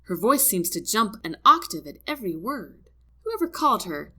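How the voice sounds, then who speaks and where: A woman reading a first-person novel aloud, expressive, slipping into whispers for inner thoughts. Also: medium pitch, normal speed. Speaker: audiobook narrator. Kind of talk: first-person scripted narration.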